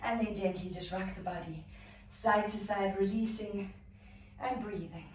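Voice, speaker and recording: A woman's voice: medium pitch, fairly even intonation, unhurried, darkish tone, a little hiss or hum. Breathless female yoga instructor, encouraging, counts reps; very echoey room, distant mic. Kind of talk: guided workout instruction.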